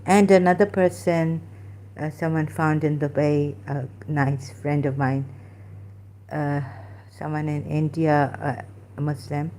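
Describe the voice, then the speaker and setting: A woman's voice: sits low, steady tone, takes it slowly, dark tone, a little hiss or hum. A woman speaking casually to camera, hesitant and searching aloud with many fillers and restarts as she looks up verses. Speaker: ex-Muslim commentator. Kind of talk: casual monologue while looking up verses.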